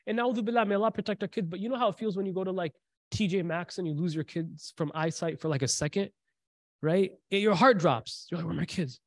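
A man's voice: sits high, quick pace, no echo. A man giving a sermon, retelling a story with quoted dialogue and repeated lines for emphasis. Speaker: preacher.

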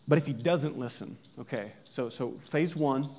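A man's voice: medium pitch, moderate pace, few pauses, darkish tone. A man pastor preaching a conversational sermon, joking and asking his listeners many questions.

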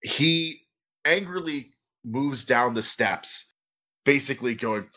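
Bright-voiced man running a tabletop game. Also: mid-range voice, lively intonation, slow. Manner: laughs often, acts out characters. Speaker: game master.

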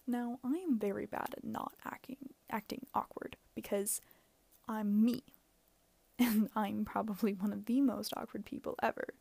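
Young woman rambling on her podcast, kinda high but gravelly, jokes at her own expense, dry close mic. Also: dark tone, dry recording. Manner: rambling, self-mocking, laughs often, many "like"s. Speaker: podcast host. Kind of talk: casual solo podcast advice.

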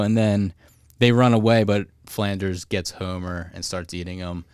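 A man's voice: fairly low pitch, clean tone, no echo, clean studio sound. A man co-hosting a podcast, casually recapping a cartoon episode, laughing often and quoting lines. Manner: laughs often, quotes lines in quick put-on voices. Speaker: podcast co-host.

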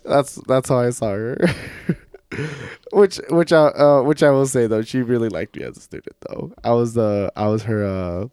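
With a smooth, mid-range voice at a normal speed, a man co-hosting a podcast tells stories animatedly in casual chat and laughs often. It's recorded in studio quality with no echo.

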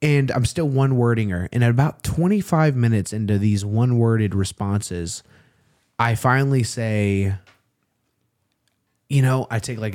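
A man in his twenties candidly telling a painful personal story in casual conversation. He is emotional and slows down on the hardest parts. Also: mid-range voice, a little mellow, no room sound, clean studio sound. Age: 20s.

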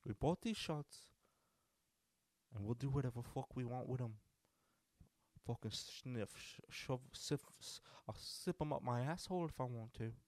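A man's voice: medium pitch, a little slow, long pauses, darkish tone, no room sound, lightly acted. A man voicing a pair of defiant teenage girls at a bar, brash and crude. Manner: crude, mocking.

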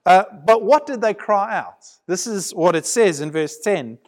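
A man's voice: high voice, animated, unhurried. A man preaching a sermon, retelling a scripture story dramatically and often repeating words as he builds emphasis.

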